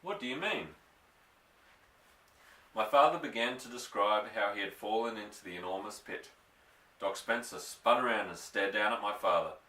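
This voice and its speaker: A man reading a children's bedtime story aloud in a gentle, even narration. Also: lowish voice, fairly quick, recorded from a distance. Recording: echoey room, voice off-mic.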